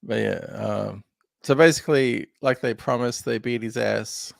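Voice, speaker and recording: A man's voice: medium pitch, a little slow, vocal fry, no echo, clean studio sound. A man hosting a podcast, chatting casually about a film with lots of laughs and fillers. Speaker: podcast host.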